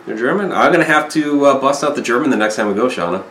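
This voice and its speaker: A man's voice: mid-range voice, lively intonation, quick pace, fairly bright tone, reverberant, poor audio. A man hosting a casual livestream chat, easygoing as he manages the setup. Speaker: podcast host.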